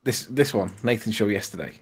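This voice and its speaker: A man's voice: on the low side, animated, brisk, slight background noise. A man chatting on a live debate stream, rambling and hesitant with many ums and restarts. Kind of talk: casual online chat.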